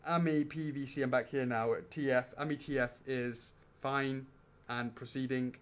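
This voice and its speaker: With a steady, clean, medium-pitched tone and moderate pace, a man hosts an informal question-and-answer chat. He reads out the questions while rambling, joking, and laughing often.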